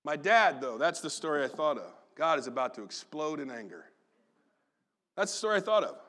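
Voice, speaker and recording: A man preaching a sermon, telling a personal story with animated storytelling and acting out family members' voices. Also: on the high side, a little fast. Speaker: pastor.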